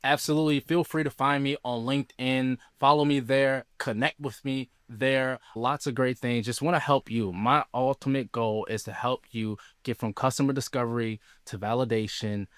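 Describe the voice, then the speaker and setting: Brief: easygoing man, smooth clear voice, dry close recording. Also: mid-range voice, steady tone, moderate pace, few pauses, a bit bright, no echo. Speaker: podcast guest. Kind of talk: casual interview chat.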